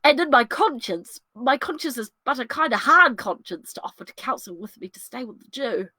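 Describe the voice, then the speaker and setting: A woman's voice: high voice, fairly quick, husky, dry recording, exaggerated voice. A woman doing Lancelot Gobbo, a jittery comic servant. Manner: lively comic monologue, voices his fiend and conscience. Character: comic young male servant, jittery and torn. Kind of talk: solo dramatic reading of a classic play.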